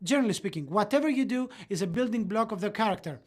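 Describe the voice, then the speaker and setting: A live voice-over interpreter carries a parenting lecture sentence by sentence. The delivery is halting, with frequent fillers and quick self-corrections, at a middle pitch. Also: expressive.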